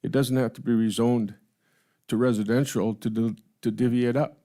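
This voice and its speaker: A man speaking as a county commissioner at a public meeting, halting and hedging with many restarts. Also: mid-range voice, little pitch movement, mellow.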